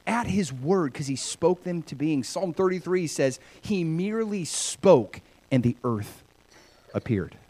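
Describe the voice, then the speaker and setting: A male pastor delivers a sermon in a conversational, animated manner, shifting between loud, bright lines and soft, hushed ones. His voice is fairly high, at a measured pace.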